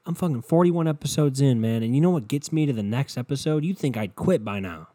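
A young man talks straight into his podcast mic from his bedroom, rambling, cursing and working himself up into passionate rants. His voice is dark and mellow, recorded close and dry with no room sound. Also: mid-range voice, animated, a little fast, no room sound. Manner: rambling, profane, impassioned. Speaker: podcast host. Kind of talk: solo podcast monologue. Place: bedroom at home.

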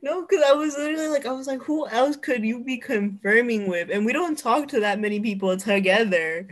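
A woman's voice: a little high, animated, a little fast. A young woman co-hosting a casual chat podcast, telling a story and laughing often as she goes. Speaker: podcast co-host.

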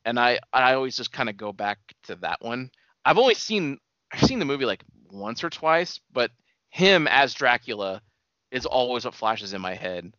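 A man's voice: medium pitch, normal speed, no echo. Podcast co-host, male, casual and rambling, dry close sound, slightly dull audio. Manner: animated, rambling, laughs often. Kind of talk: casual chat about movies.

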